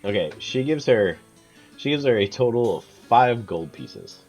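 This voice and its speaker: A man playing a tabletop game, describing his character's actions in a halting, casual way. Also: medium pitch, animated, a little mellow, soft background music. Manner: halting, with restarts while narrating his character. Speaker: player.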